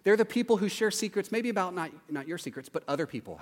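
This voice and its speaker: A man preaching a casual, conversational sermon in a chatty, animated way, often tagging his points with "right?". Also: high voice, fast talker, few pauses, long reverb tail.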